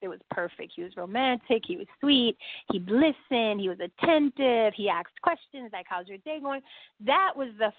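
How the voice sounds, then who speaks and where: A woman's voice: mid-range voice, dry recording. New woman telling a story on a tinny line. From New York. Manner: animated, quotes people in dialogue, many fillers. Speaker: podcast guest. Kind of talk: conversational storytelling. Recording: dry, phone-like audio.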